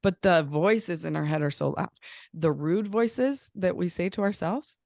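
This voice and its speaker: A woman who is a mother, hosting a podcast in casual chat, talking fast with lots of "like" and animated storytelling. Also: lowish voice, vocal fry, dry recording, clean studio sound. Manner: chatty, says "like" often, animated storytelling. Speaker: podcast host; mother of young children.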